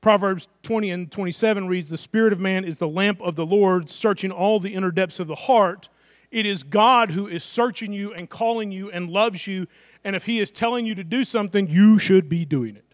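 A middle-aged pastor preaches in a notably high, light, fairly bright voice, keeping things chatty and direct. He fires off rhetorical questions and slips into quick acted-out asides. The sound is close and dry, with no echo or room around it.

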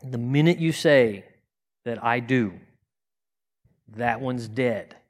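An earnest man teaching scripture to his congregation in a conversational sermon. His voice sits at an ordinary middle pitch, and he talks plainly, often restarting a sentence or asking a rhetorical question. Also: slow pace, a little mellow.

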